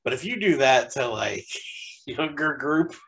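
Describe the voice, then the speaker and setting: A man chats casually as he reviews a haunted house, in a middle-pitched voice. He rambles along, stacking "like" and "um" between his thoughts, and laughs easily as he tells stories. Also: animated, a little slow, gravelly, a bit bright, low-quality recording. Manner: rambling, heavy use of "like" fillers.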